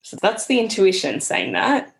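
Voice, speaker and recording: A woman's voice: mid-range voice, huge pitch swings, normal speed, gravelly. A young adult woman, a podcast guest speaking in an earnest, reflective storytelling manner. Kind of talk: casual conversational interview.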